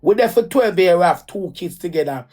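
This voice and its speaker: A woman's voice: on the low side, lively intonation, a little fast, mellow. A woman with a Jamaican accent telling a personal story in a casual, rambling rant, repeating herself and swearing bluntly. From Caribbean. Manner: rambling and repetitive, restarts and repeats phrases. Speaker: vlogger.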